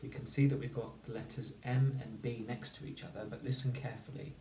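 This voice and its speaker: A man teaching a phonics lesson to children, slowly and clearly sounding out each word. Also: medium pitch, flat delivery, a little mellow. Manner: slow, clear sounding-out of words. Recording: echoey room, distant mic, faint noise.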